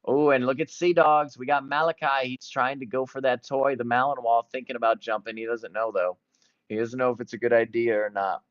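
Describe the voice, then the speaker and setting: Excited male play-by-play commentator. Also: medium pitch, a little fast, no room sound, lo-fi sound. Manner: excited, jumping between events. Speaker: sports commentator.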